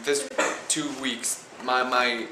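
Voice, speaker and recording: This student vlogger, a young man with a Spanish accent, keeps a level tone in a mid-range voice. His casual talk is halting, full of restarts and "like," captured with roomy echo and faint noise.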